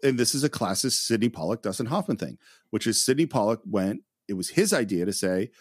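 A man co-hosting a casual film commentary podcast, enthusiastic and quick to laugh. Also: lowish voice, lively intonation, no room sound, studio quality. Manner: enthusiastic, laughs often, acts out quotes. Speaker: podcast co-host.

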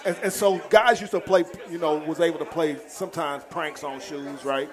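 A man with a fairly high voice tells old locker-room stories in a loose, casual chat. He laughs often through his words. He slips into a coach's shouting when he quotes him. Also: normal speed, a faint crowd. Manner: animated storyteller, laughs often, acts out a coach's outbursts. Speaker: former football player guest.

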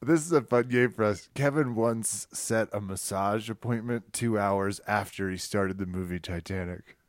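A man's voice: on the low side, moderate pace, dry recording. Wisecracking man on a podcast, dry sound. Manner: wisecracking, swears often, laughs easily. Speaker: podcast co-host. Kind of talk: casual chat.

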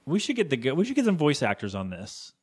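A podcast co-host casually recaps a cartoon episode, rambling and briefly acting out characters' lines in quick voices. His slightly rough, medium-pitched voice makes huge pitch swings.

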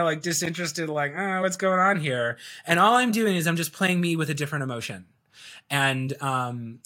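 High-voiced guy rambling excitedly in an interview, lots of ums and you knows. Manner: animated, rambling with many fillers. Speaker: guest, video coach. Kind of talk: casual interview talk.

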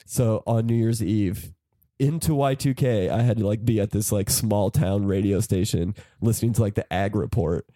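Mellow, low-voiced man rambling through a story. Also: normal speed, dry recording, studio quality. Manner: rambling, heavy use of "like", laughs through his story. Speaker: podcast guest. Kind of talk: casual comedic storytelling.

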